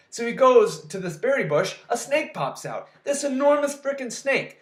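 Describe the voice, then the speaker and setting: A casual movie recap delivered as a sarcastic, exasperated rant with frequent swearing. The voice sits at a middling pitch, and a roomy echo surrounds it. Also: sing-song, normal speed, hardly any pauses. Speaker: movie reviewer.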